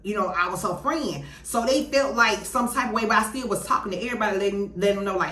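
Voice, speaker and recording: Woman, casual storytime, animated and profane, sharp bright voice, roomy echo. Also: medium pitch, fast, hardly any pauses. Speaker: YouTuber. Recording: echoey room.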